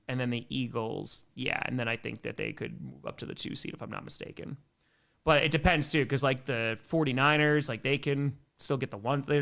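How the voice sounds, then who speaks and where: A man hosting a live sports stream, casually chatting and reading viewer messages aloud with sudden animated outbursts. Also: mid-range voice, vocal fry. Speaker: livestream host.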